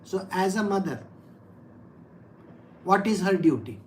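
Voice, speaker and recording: Woman, spiritual teacher, scripture discourse, direct, asks questions, emphatic verse reading, mid pitch. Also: animated, unhurried, slight background noise, rough recording.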